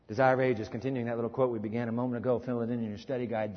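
A man preaching a sermon in a church hall, dramatic and swinging from emphatic to hushed, questioning the congregation. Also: medium pitch, lively intonation, racing, few pauses. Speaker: pastor. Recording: lo-fi sermon recording in a reverberant hall.

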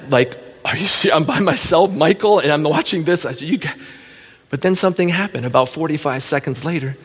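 A man's voice: a little high, slightly rough. A middle-aged man giving an emotional testimony to a church congregation, telling his story with feeling and frequent laughter. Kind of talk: testimony sermon. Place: church sanctuary. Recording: long church hall reverb.

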